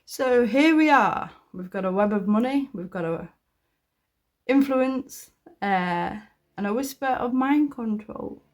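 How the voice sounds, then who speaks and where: Slow, rambling woman vlogger. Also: mid-range voice, a little mellow. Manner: rambling, with fillers, asides and swearing. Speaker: online video host. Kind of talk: casual commentary to camera.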